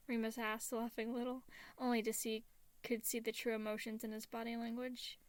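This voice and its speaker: A woman reading a fan story aloud in steady narration, sometimes dropping to a soft whisper. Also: fairly high pitch, brisk, no echo. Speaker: fan fiction reader.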